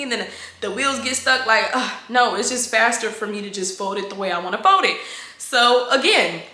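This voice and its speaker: A woman's voice: a little high, echoey room. Blunt, slangy young woman telling a story. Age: 20s. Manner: animated, slangy and blunt, quotes coworkers in quick asides. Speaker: vlogger. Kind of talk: casual storytime.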